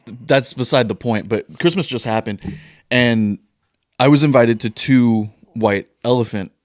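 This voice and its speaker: A young man co-hosting a podcast, telling stories in a casual, animated way and laughing often. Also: mid-range voice, a little slow, no echo, clean studio sound. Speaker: podcast co-host. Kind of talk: casual chat.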